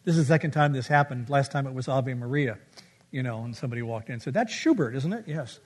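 A man's voice: medium pitch, fairly even intonation, fast talker. A middle-aged man preaching a sermon with a playful storytelling manner, humming tunes along the way. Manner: storytelling, playful, hums melodies.

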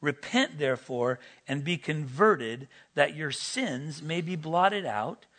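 A man preaching a sermon, rising to loud, emphatic peaks and then dropping back to quiet teaching. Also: a little high, lively intonation, slow pace.

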